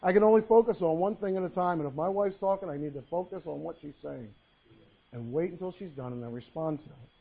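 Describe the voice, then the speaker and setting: Guy preaching, high voice, tells little jokes and reads bible verses, sounds like a phone recording. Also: fast talker, vocal fry, husky, narrow, tinny audio. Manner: folksy storytelling with jokes and Bible reading. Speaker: pastor. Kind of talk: sermon.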